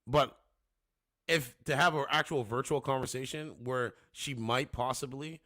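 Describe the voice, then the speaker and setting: A man hosting a livestream, casually mocking and trash-talking the people on it with drawn-out taunts. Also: mid-range voice, pushed and bright, no room sound, studio quality. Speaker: livestream host.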